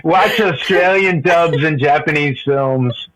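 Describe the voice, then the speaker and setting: Male caller, rambling, laughs a lot, slightly high voice. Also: slow, fairly bright tone, rough recording. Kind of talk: casual call-in chat.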